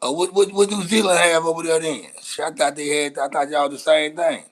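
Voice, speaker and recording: A brash man with a Los Angeles accent hosts a casual live-stream chat. His voice sits a bit higher than most men's. He teases viewers in loose, profane banter. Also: level tone, brisk, a bit bright. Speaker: host.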